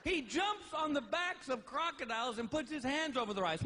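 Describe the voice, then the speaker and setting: A man doing stand-up comedy, telling animated stories with exasperated outbursts. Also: extremely high pitch, fast, hardly any pauses, slight background noise.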